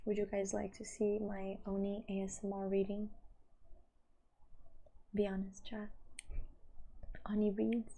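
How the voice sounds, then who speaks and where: A woman from Portugal with a light Portuguese accent, chatting casually with her livestream viewers, laughing often and sometimes dropping into a soft whisper. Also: medium pitch, monotone, measured pace, long pauses. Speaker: streamer.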